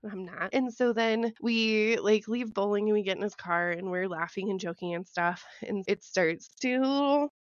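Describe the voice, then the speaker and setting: A young woman telling a dating story in casual chat, self-mocking and animated. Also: mid-range voice, moderate pace, hardly any pauses, no room sound, lo-fi sound. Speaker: podcast co-host.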